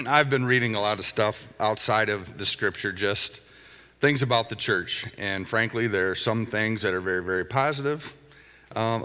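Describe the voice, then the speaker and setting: A man's voice: on the low side, pushed and bright. A middle-aged male pastor preaching a conversational sermon, telling anecdotes with chuckling asides. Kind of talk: sermon with storytelling. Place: church sanctuary. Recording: long hall reverb.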